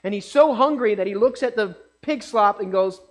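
A man's voice: sits high, moderate pace. A man preaching a casual sermon in a conversational way, often checking in with his listeners.

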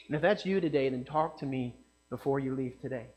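A man's voice: mid-range voice, brisk, darkish tone, slight background noise. A man preaching a casual sermon in a conversational way, often checking in with his listeners.

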